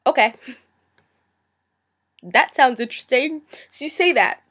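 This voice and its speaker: A teenage girl vents in a casual vlog with a bright, high-pitched voice. Her tone is sarcastic and exasperated, and she drops into quick mocking impressions of other people. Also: animated, slightly rough. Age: teens. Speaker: vlogger. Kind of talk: ranting vlog monologue.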